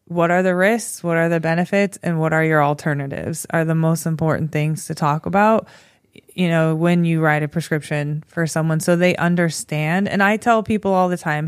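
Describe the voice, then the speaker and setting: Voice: medium pitch, steady tone, moderate pace, clean tone, no room sound, clean studio sound. A medication prescriber on a podcast, explaining in an earnest, careful way. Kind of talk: casual conversation.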